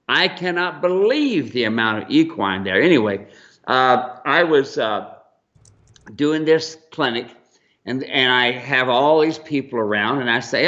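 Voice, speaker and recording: A mule trainer and ranch owner tells rambling, folksy stories on a radio show. His voice is medium-pitched and a bit bright, heard through dull lo-fi broadcast audio.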